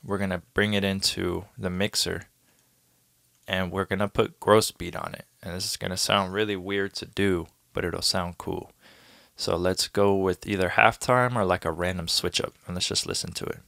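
Deep gravelly man over beat music. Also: normal speed, no echo, studio quality. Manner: relaxed, talks through steps, vocalizes drum rhythms. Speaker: music producer teaching a tutorial. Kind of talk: casual screen-recorded tutorial. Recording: music playing behind the voice. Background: beat music playing.

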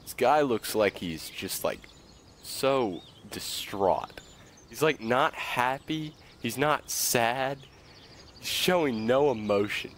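Excitable young man with a lively, swooping voice. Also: medium pitch, takes it slowly, a little hiss or hum. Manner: excitable, swearing, coaxing the fish. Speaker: gaming video creator. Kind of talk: casual gameplay commentary.

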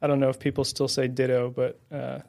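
A man's voice: medium pitch, monotone, brisk, gravelly, darkish tone. A man co-hosting a faith podcast in casual conversation, friendly and self-deprecating, with many fillers, close to the mic. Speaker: guest co-host. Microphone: held close to the mouth.

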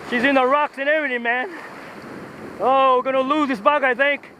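A man fishing from the shore, whooping and calling out excitedly as he fights a big fish, with surf and wind behind him. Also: very high-pitched, brisk. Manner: whooping, shouting with excitement, local slang. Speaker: fisherman. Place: outdoors on the shore by the ocean. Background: waves and wind.

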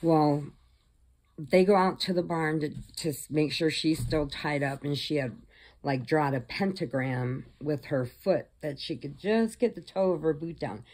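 Casting: a low-pitched woman vlogger, casual storytelling, lively character bits. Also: a little slow. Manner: chatty, animated, acts out the characters' voices. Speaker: crochet vlogger. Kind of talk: casual storytelling, retelling a film plot.

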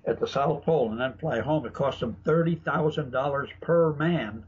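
In this casual interview, a guest author and researcher tells stories in a chatty, anecdotal manner, frequently starting over mid-thought. His mid-range voice is husky and moves at a moderate pace. The audio has a dull, lo-fi broadcast quality and a little background noise.

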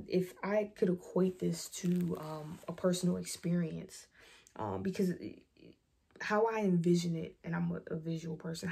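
A woman's voice: fairly low pitch, vocal fry, darkish tone, breathy edge. A woman vlog host giving an earnest devotional talk, reading scripture aloud and reflecting on it through personal testimony.

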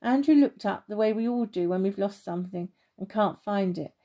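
A woman reading a children's storybook aloud, gentle and expressive. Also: mid-range voice, normal speed.

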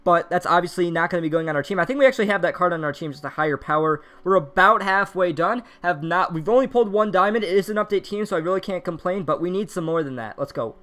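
A young man streaming live while opening card packs in a mobile game. He chats with viewers, reads chat aloud, and bursts into shouting and laughter at big pulls. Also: high voice, fast talker, few pauses. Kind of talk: live pack-opening commentary. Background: faint background music.

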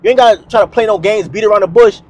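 A man's voice: high-pitched, rapid-fire, a little mellow. A man hosting a dating advice video, talking bluntly and emphatically to camera in a slangy, repetitive way. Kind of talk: direct-to-camera advice monologue.

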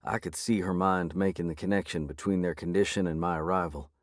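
A man reading a first-person audiobook in a measured, gritty way. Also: deep voice, steady tone, no echo, clean studio sound. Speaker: audiobook narrator.

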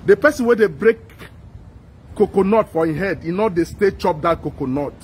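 Speaking briskly in a high voice with lively intonation, a Nigerian-accented man gives emphatic, repetitive commentary, pleading with whoever is listening. He's a social commentator, and there's a little hiss or hum in the recording.

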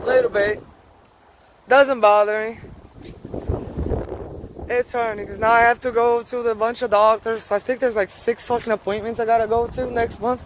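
A woman's voice: fairly high pitch, level tone, normal speed, long pauses, noisy background. A woman vlogging in a casual, rambling monologue, profane and offhand, laughing often as she talks outdoors on a street.

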